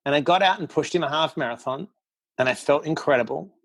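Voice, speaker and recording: A man's voice: on the high side, gravelly. Blunt, candid man telling his story. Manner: candid, blunt, fast storytelling with acted quotes. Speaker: podcast guest. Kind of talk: casual storytelling interview.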